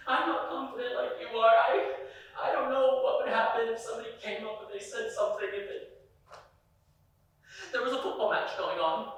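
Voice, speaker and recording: A man's voice: very high voice, moderate pace, fairly bright tone, pitched above the performer's own voice. A young man playing a frightened, protective boyfriend in a monologue, urgent and pleading. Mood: scared, pleading. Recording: very echoey room, mic far off.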